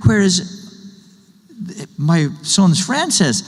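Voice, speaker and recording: An Irish pastor preaches conversationally, making his point through everyday illustrations and questions. His voice sits high and is very animated, though his pace stays unhurried, and the sound has a big-room feel.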